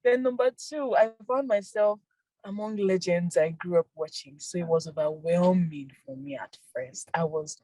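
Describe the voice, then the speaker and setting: Young woman, soft-spoken, low-ish voice, laughs between answers, interview guest. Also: moderate pace, no room sound, low-quality recording. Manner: soft-spoken, laughs often, repeats words. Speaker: actress and filmmaker, interview guest.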